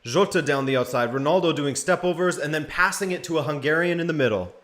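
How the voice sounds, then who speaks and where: A young man with a highish voice talks fast while hosting a live watch-along stream. He commentates the match in a relaxed play-by-play, calling the action and answering chat as he goes.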